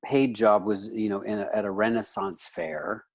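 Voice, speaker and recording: A man's voice: lowish voice, level tone, moderate pace. A man in his fifties from the United States, a guest in a casual interview who rambles and leans on "you know" fillers.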